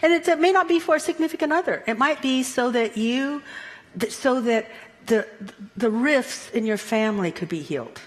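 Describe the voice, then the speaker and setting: A woman minister giving a Sunday sermon in a playful, animated way, chuckling at her own asides. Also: fairly high pitch, normal speed, in a large hall. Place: church sanctuary.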